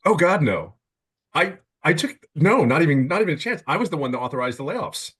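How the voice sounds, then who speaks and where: A man's voice: on the high side, fairly quick, breathy edge. Emphatic man on a video call. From California. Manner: emphatic, repeats words when excited. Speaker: webinar guest. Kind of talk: casual testimonial.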